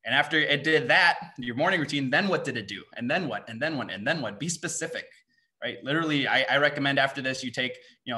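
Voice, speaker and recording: Man, motivational coach, quick questioning delivery, tense bright voice, medium pitch. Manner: rapid-fire rhetorical questions, frequent "right?". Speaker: seminar speaker and mindset coach. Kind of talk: motivational talk to students.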